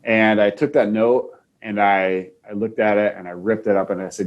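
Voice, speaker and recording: A man's voice: on the low side, fairly even intonation, moderate pace, dull audio. A man from Wisconsin, a chiropractor, telling a heartfelt personal story in an earnest way, often restarting his sentences. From Wisconsin, USA. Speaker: chiropractor, podcast guest.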